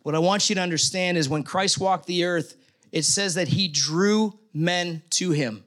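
A man's voice: sits high, normal speed, fairly bright tone. A man preaching a casual sermon in church as pastor, explaining step by step with joking asides. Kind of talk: conversational sermon.

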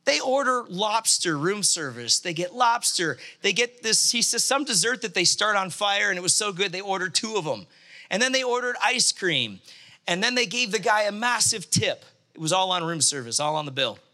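A man delivers a storytelling sermon with a fairly high, very bright and forceful voice. He is animated throughout and acts out the voices of the people in the story as he goes. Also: moderate pace.

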